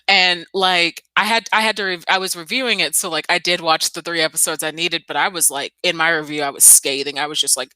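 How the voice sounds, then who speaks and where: A woman's voice: on the low side, no echo. A young woman co-hosting a podcast, chatting casually with emphatic asides. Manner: animated, emphatic, quick asides. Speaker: podcast co-host.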